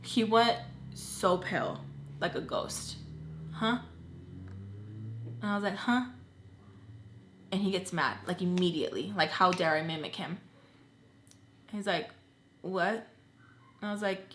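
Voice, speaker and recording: A young woman vlogger telling a personal story in casual chat, animated and full of filler words. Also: medium pitch, a little slow, pauses often, slight background noise. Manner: chatty, animated, lots of "like" fillers. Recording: roomy echo.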